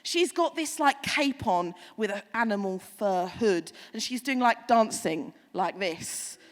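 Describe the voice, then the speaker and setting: A woman pastor giving a sermon, chatty and animated, with playful asides to the congregation. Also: medium pitch, unhurried, long reverb tail.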